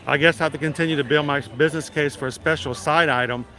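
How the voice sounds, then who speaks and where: A man's voice: on the high side, steady tone, fast, pushed and bright. A man in his thirties hosting a casual live vlog outdoors at a theme park, chatty and jokey, rambling along as he goes. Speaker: livestream host.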